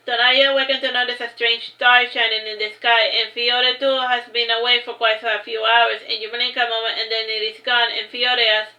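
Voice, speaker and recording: A woman reading a fantasy novel aloud in a steady, plain way, with small slips now and then. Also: a little high, moderate pace, few pauses. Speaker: narrator. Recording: roomy echo.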